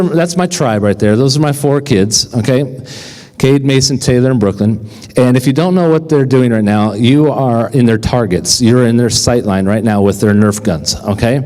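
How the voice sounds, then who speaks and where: A man's voice: mid-range voice, darkish tone. A male pastor in his thirties preaching a sermon. He tells stories conversationally and keeps checking in with the congregation with "right?" and "okay?". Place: church sanctuary. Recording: long reverb of a church hall.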